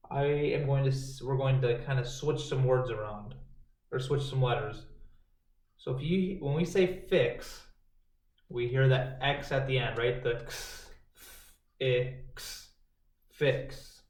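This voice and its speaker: A male kindergarten teacher giving a remote phonics lesson, sounding out letters and words in a slow, sing-song voice to young children. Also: medium pitch. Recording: roomy, distant home video.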